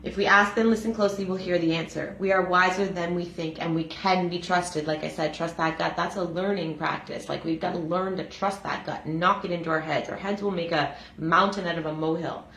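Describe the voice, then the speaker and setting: A middle-aged woman gives a heartfelt reflection on a daily reading, earnest and a little rambling, with many fillers. Her voice sits fairly low, and the room around her has a noticeable echo. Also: fairly even intonation, a little fast, few pauses, a bit bright, slight background noise. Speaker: energy healer and breath facilitator. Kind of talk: reflective self-help reading and chat. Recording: echoey room.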